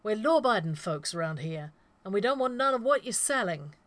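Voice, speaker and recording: A woman voicing a blustering small-town male bank teller in an audiobook, with a loud, high, drawling delivery. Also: animated, a little fast, dry recording, natural voice. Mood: pleading.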